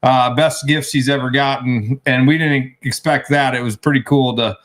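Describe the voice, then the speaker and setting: A man's voice: mid-range voice, steady tone, moderate pace. A man co-hosting a casual chat, telling a story in a rambling way with many restarts. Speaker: co-host.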